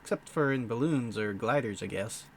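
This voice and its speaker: A man's voice: medium pitch, moderate pace, a little hiss or hum, pitched below the performer's own voice, lightly acted. A man voicing a crazy squirrel-man comedian with a hokey, folksy stand-up delivery full of corny jokes. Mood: jokey.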